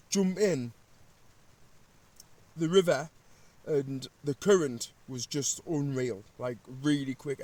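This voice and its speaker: A man, speaking at a slightly high pitch. He chats casually inside a small camping tent and tells lively stories full of local slang. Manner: chatty, animated anecdotes with local slang. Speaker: vlogger. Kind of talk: casual chat and storytelling.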